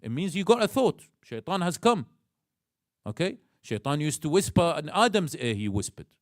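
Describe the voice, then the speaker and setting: A man with an Iraqi accent giving a religious lecture in a mosque, animated, acting out inner voices and asking the audience questions. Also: fairly high pitch, normal speed, dry recording, clean studio sound.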